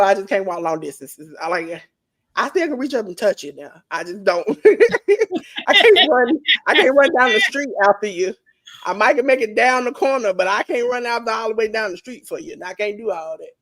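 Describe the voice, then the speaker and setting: A woman, a guest in a casual chat, telling stories animatedly and acting out the voices she quotes. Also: mid-range voice.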